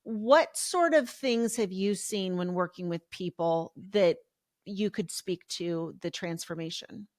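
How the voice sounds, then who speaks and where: A woman's voice: lowish voice, slow pace, no echo, studio quality. A woman hosting an interview, asking long, searching questions. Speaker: podcast host.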